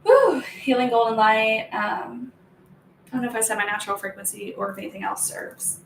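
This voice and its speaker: A woman's voice: medium pitch, level tone, a little fast, creaky, a bit bright, a little hiss or hum. A young woman hosting a casual spiritual vlog as an energy healer, chatty and giggly, full of fillers as she guides a healing practice. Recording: echoey room.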